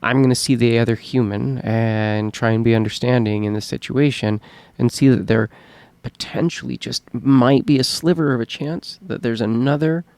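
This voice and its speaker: A man's voice: mid-range voice, fairly even intonation, normal speed, creaky, a little mellow, no echo. Reflective man musing in casual chat. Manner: reflective, rambling, many fillers like "you know". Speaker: podcast co-host.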